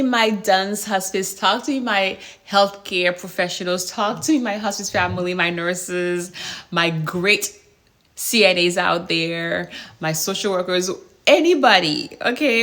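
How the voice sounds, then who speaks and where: In a casual vlog, a woman who works as a hospice nurse tells a work story. She speaks at a medium pitch and is animated and exasperated, asking lots of rhetorical questions.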